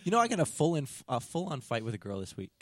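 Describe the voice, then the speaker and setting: A man co-hosting a podcast, telling an animated, self-mocking story in casual chat with friends. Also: a little high, fast talker, crowd noise. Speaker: podcast co-host.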